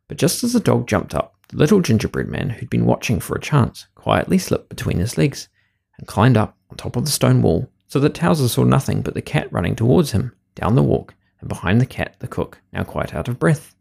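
A man reading a children's story aloud in a lively, expressive way. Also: mid-range voice, fairly quick, creaky, husky.

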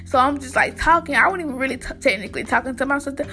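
A young woman with a high voice, telling a storytime in a chatty, slangy way. She speaks straight to her viewers and calls them y'all. Faint music plays underneath. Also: animated, fast talker, bright, forceful tone. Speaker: vlogger. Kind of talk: casual storytime.

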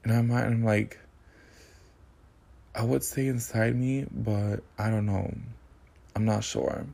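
A man's voice: fairly low pitch, steady tone, takes it slowly, gravelly, dark tone. A man hosting a podcast, telling a personal story in a sassy, candid and slangy casual monologue. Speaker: podcast host.

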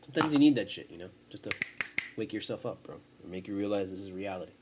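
Speaking quickly in a lowish voice with lively intonation, this young podcast host talks from his home amid heavy background noise. He rambles, swears, and makes many false starts.

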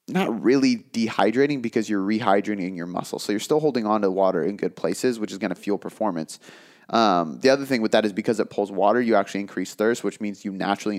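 A man in his thirties hosting a podcast alone, talking casually and rambling, with many fillers and restarts. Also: fairly low pitch. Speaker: podcast host. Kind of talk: casual solo podcast talk.

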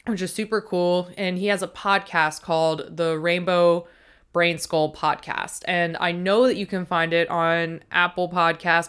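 A woman's voice: fairly low pitch, a bit bright, smooth. A woman hosting a podcast, introducing her guest in a chatty, playful, self-deprecating way. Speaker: podcast host. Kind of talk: casual podcast intro monologue.

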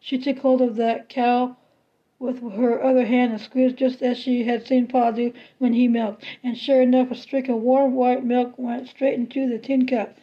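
A woman reading a children's novel aloud in a steady, plain way, now and then restarting a word, on a slightly muffled recording. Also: a little high, moderate pace. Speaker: narrator.

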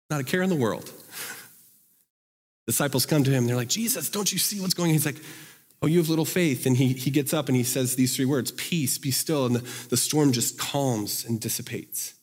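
A man's voice: mid-range voice, darkish tone, in a large hall. A man preaching a sermon and reading scripture aloud, talking casually and asking the congregation questions. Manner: conversational, asks the congregation questions. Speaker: pastor.

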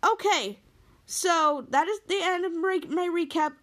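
A woman's voice: very high voice, unhurried. A woman podcast host giving a casual, rambling recap of a TV episode, chaining quotes together with "and he's like.".

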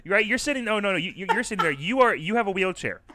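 A man co-hosting a casual comedic chat, building long deadpan bits and stories. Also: high voice, fast, background noise.

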